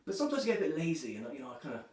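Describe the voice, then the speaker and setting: A man performing a stand-up comedy set, delivering dark jokes in a loose, chatty way, filling his lines with "you know" and "right". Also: on the high side, wildly swooping pitch, racing. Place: comedy club stage. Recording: echoey room, voice from a distance.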